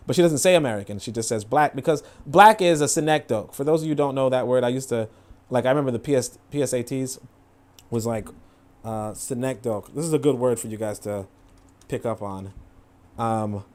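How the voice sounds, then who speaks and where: A man's voice: medium pitch, brisk, a little mellow. A man commenting casually on a clip, rambling with many fillers. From New York. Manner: rambling, filler-heavy, acts out quoted voices.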